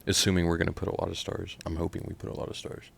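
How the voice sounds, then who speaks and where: A very low, gravelly male voice with lots of fry talks through a new album track by track. He is from Oklahoma, swears freely, and jumps between quiet mumbling asides and sudden loud excited outbursts. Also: rapid-fire. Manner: animated, profane, swings from mumbling to loud outbursts. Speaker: music reaction host. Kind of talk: casual album reaction.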